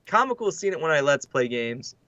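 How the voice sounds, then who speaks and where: A young man with a high-pitched voice co-hosts a relaxed podcast chat, rattling off stories with heaps of "like" fillers. The sound is dry and close, with a slightly dull, lo-fi mic. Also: a little fast, dry recording. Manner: animated storyteller, heavy "like" fillers. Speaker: podcast co-host.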